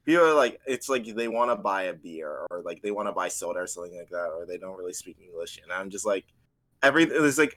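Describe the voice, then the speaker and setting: A man's voice: lowish voice, expressive, brisk, a bit bright. A man chatting casually on a livestream, rambling through work stories with many restarts. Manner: rambling, self-correcting storyteller. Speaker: co-host.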